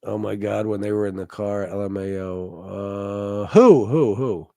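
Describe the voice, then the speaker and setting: A man's voice: fairly low pitch, unhurried, creaky, warm tone. A man hosting a casual livestream, telling a story crudely and mocking someone with frequent laughter. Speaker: livestream host.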